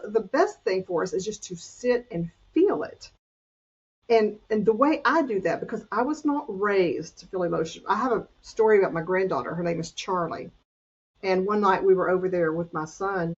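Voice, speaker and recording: A woman's voice: mid-range voice, slightly rough, highs cut off. An older woman coach talking earnestly and confessionally in a faith-based podcast chat, often restarting her sentences. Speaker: weight-loss coach.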